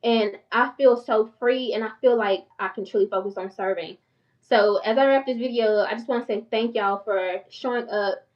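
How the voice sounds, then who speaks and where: A woman's voice: on the high side, normal speed. A middle-aged woman talking casually to her viewers, chatty and candid, laughing often, as a financial coach. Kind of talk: casual talk to camera. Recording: dull lo-fi sound from a distance.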